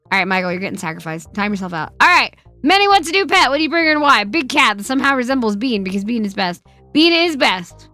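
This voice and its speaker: A woman's voice: mid-range voice, bright, forceful tone. A woman streamer in casual live-stream chat, reading viewer questions aloud and answering with profane, teasing banter. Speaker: streamer host.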